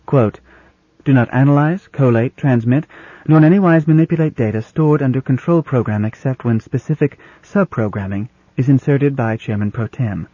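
A husky-voiced man voicing a calm, literal female house computer in an audiobook, speaking in a toneless, formal, precise way. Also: mid-range voice, moderate pace, no room sound, muffled recording, close to an everyday voice.

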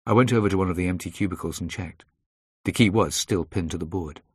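A man reading a first-person thriller aloud in a measured, dry storytelling manner. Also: sits low, slightly rough, dry recording. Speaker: audiobook narrator.

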